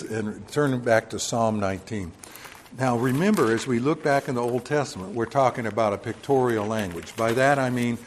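A man teaching from scripture in a relaxed, conversational way, pausing on fillers and correcting himself. His voice sits at an ordinary middle pitch. The sound carries a long reverb, like a church hall. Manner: conversational, explains with homely examples, many fillers and self-corrections. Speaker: preacher. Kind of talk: Bible teaching sermon.

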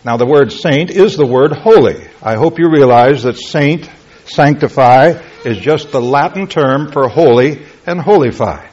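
A man's voice: mid-range voice, a little slow, darkish tone, slightly rough. A man preaching a Bible teaching sermon, explaining word meanings emphatically and asking rhetorical questions. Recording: lo-fi, dull-sounding recording.

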